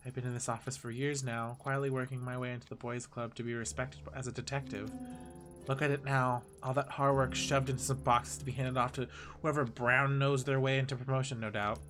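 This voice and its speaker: A man voicing a weary, bitter woman detective thinking to herself in a quiet, brooding game monologue. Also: flat delivery, a little fast, faint music behind, natural voice. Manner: quiet, brooding, low-key.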